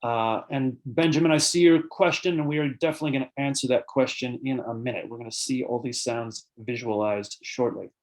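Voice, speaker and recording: Male presenter, mid-pitched voice, explanatory lecture style with filler words, answers questions from an online audience. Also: fairly even intonation, a little fast, hardly any pauses, darkish tone. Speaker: birding author and presenter.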